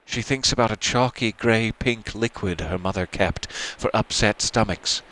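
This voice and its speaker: A man's voice: fairly low pitch, unhurried, fairly bright tone, slight background noise, rough recording. A man hosting a let's play, reading the game's text aloud and adding dry, self-mocking asides.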